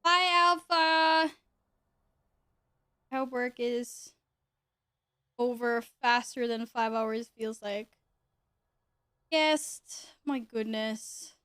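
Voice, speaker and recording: A woman streams a game and chats with her audience in a loose, teasing way, laughing often. Her voice sits high. The sound is dry and close, with no room around it. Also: very slow, long pauses, bright, forceful tone, smooth, dry recording. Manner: chatty, greets viewers and jokes with them. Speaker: live streamer. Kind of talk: casual live-stream chat while gaming.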